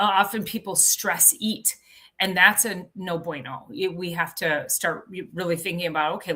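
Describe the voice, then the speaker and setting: A woman's voice: lowish voice, fairly bright tone. A woman hosting a casual health talk, chatty, often restarting her sentences and laughing easily. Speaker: health show host.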